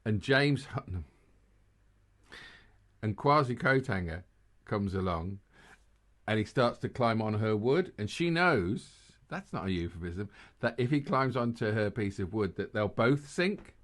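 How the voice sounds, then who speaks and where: Jokey rambling English podcast host. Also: male voice, lowish voice, lively intonation, a little slow, fairly bright tone. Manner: jokey, rambling, laughs at his own jokes. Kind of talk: casual chat.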